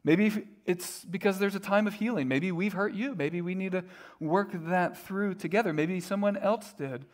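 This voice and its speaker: A middle-aged man preaches a laid-back, conversational sermon at a moderate pace with hardly any pauses. He has a slightly higher-than-average male voice and peppers his talk with fillers and self-deprecating comments.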